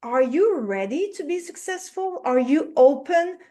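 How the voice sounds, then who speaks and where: Slow high-voiced Quebec French woman. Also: expressive, warm tone. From Quebec, Canada. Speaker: trading psychology coach. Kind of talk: live show guest talk.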